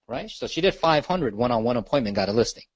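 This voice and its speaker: Man, trainer, conversational, repeats questions, mid pitch, dry sound. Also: animated, fast talker, slightly rough, dry recording. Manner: conversational, repeats questions, lots of "right?" and "okay?". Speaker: real estate marketing trainer. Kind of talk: live training call, teaching.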